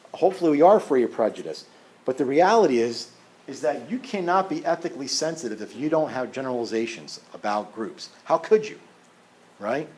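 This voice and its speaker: A man's voice: medium pitch, a little mellow. Man, classroom lecture, conversational, heavy room echo, distant mic, faint hiss. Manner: conversational, frequent "you know" and "right?". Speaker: ethics instructor. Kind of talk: classroom lecture with personal anecdotes.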